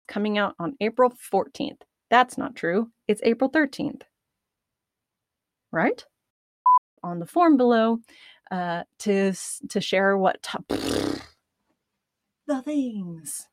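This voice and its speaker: A woman podcast host records outtakes at a computer studio mic, her mid-range voice animated but slow, with frequent pauses. Nervous and dry-mouthed, she giggles at herself, pokes fun at her own mistakes and keeps restarting her lines in casual self-commentary.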